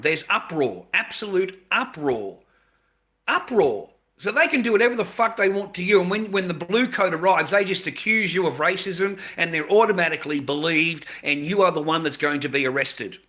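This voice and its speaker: An Australian man in a slightly high register launches into an angry, profane monologue. He repeats himself for emphasis and swears freely. His voice bounces around a roomy, echoing space. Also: pushed and bright. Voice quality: blunt, profane, repetitive phrasing. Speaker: vlogger. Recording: echoey room.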